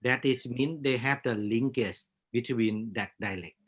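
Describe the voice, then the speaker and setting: A man from Thailand with a Thai accent, speaking as a guest lecturer in halting English with frequent filler pauses. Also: mid-range voice, a little hiss or hum. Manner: hesitant, many filler pauses, halting non-native English. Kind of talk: panel discussion.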